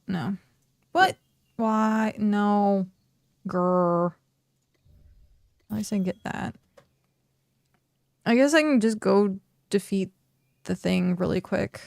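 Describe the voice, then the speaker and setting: A woman's voice: medium pitch, gravelly, darkish tone, dry recording, clean studio sound. A woman streaming a game, chatting casually, talking to herself and reading chat aloud. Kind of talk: casual live-stream chat while gaming.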